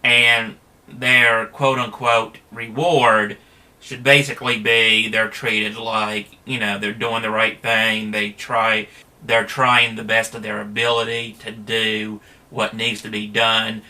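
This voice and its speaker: A man's voice: on the low side, little pitch movement, takes it slowly, pushed and bright. A man talking in a casual, rambling monologue, plain-spoken, with frequent fillers and restarts.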